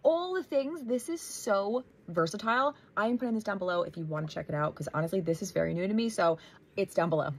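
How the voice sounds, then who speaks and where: A woman pitching a beauty product in a bubbly, salesy way. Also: animated, fast.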